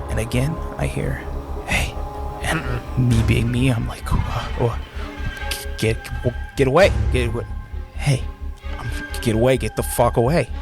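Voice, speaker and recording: A man co-hosting a casual podcast, telling a spooky story with dramatic pauses and swearing. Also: fairly low pitch, creaky. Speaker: podcast co-host. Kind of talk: casual chat and campfire story.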